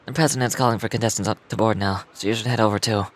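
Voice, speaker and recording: A man's voice: on the low side, fairly even intonation, racing, close to an everyday voice. An actor playing an eager young man in a game, upbeat and encouraging, over background music. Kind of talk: dubbed game dialogue.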